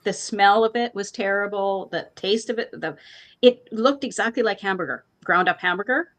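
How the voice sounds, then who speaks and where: A middle-aged woman co-hosting a morning talk show, spinning family food stories. She talks at a medium pitch and slips into higher voices for the people in her tales, laughing as she goes. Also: moderate pace. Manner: animated storyteller, acts out family members in higher voices, laughs often. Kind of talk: casual storytelling chat.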